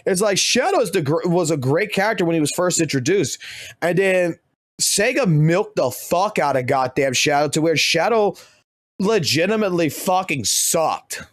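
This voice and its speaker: A man's voice: a little high, animated, moderate pace, no room sound, clean studio sound. A man who streams games, ranting heatedly and swearing constantly. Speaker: game streamer. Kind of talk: profane gaming rant.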